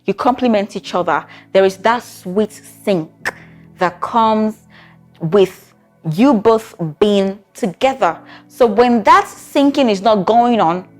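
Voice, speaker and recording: A woman talks straight to camera as a therapist, advising on relationships. Her voice sits at a mid pitch, and she keeps it conversational, often checking in with rhetorical questions. Faint music plays behind her. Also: slow, darkish tone. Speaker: therapist giving relationship advice. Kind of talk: talking-to-camera advice video.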